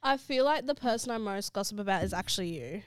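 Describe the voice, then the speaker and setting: Young woman co-hosting a podcast, chatty and laughing a lot, smooth voice, dry close sound. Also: mid-range voice, lively intonation, quick pace, dry recording. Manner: chatty, laughs often, rambling. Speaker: podcast co-host. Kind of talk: casual chat.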